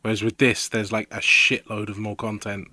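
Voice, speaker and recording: A man's voice: lowish voice, flat delivery, moderate pace, bright, forceful tone. A young man streaming a video game, chatting casually in a rambling, sweary, laid-back way. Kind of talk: casual gaming stream chat.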